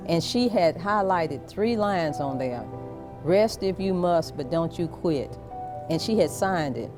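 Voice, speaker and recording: A woman being interviewed, telling a personal family story in a slow, soft, reflective way. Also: fairly low pitch, animated, music in the background.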